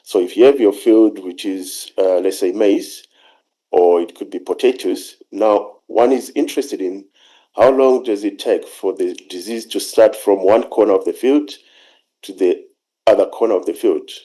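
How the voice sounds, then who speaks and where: Guy with a lowish warm voice giving a conference talk on a video call, lots of uh and um, steady explaining. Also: rough recording. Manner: measured, halting with frequent fillers. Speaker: conference speaker. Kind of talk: academic presentation.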